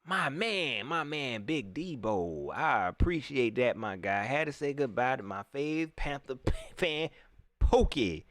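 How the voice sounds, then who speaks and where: A man hosting a casual live-stream sports talk show, animated and repeating phrases, often laughing. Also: medium pitch, measured pace, no room sound. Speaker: sports fan show host.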